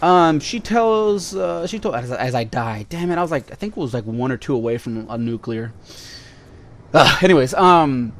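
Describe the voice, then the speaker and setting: A man vlogging casually, telling stories in a flippant, rambling way with asides to his viewers. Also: medium pitch. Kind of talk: casual storytelling to camera.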